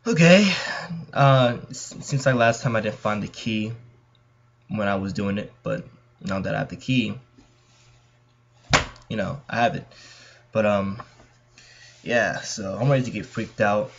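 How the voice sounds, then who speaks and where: A man's voice: on the low side, measured pace, long pauses, slight background noise. A young man with a Californian accent, chatting nervously to viewers as he plays through a horror game. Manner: jittery, chatty, talks to viewers. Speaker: gaming channel host. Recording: dull lo-fi mic.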